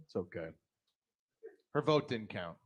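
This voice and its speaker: A middle-aged man doing a blunt, profane stand-up set, jumping into sudden high put-on voices. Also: animated, a little slow, muffled recording, heavy background noise. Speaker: stand-up comedian.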